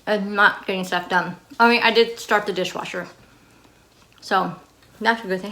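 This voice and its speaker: A woman's voice: medium pitch, steady tone, fairly quick, a bit bright. A woman talking casually to her camera in a vlog, chatty and rambling, with fillers and restarts. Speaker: vlogger.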